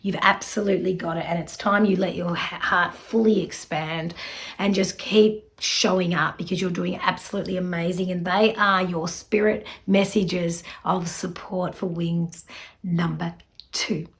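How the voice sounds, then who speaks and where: A middle-aged woman, giving a spiritual card reading in a soft, earnest, reassuring way with many fillers. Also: lowish voice, fairly even intonation, a little slow. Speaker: psychic card reader.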